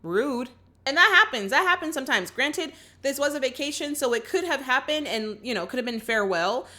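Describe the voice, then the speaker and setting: Her voice sits high and her delivery is brisk as this young woman hosts a laid-back movie reaction. She animatedly retells the plot and performs the characters' lines.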